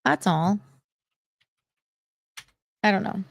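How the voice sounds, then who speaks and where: Casting note: female podcast co-host, mid pitch, frank and argumentative, dry mic. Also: lively intonation, extremely slow, gravelly, dry recording. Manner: frank, argumentative, casual swearing. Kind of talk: casual chat.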